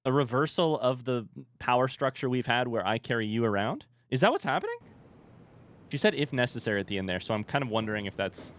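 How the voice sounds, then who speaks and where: Excitable, swearing gamer man. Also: medium pitch, brisk. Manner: excitable, rambling and swearing, jokey. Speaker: let's-play gamer. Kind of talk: casual, unscripted game commentary.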